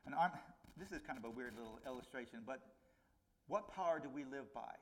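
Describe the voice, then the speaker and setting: A middle-aged man preaching a conversational sermon, his voice rising on key points and dropping low on warnings. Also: lively intonation, a little fast, darkish tone. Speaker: pastor.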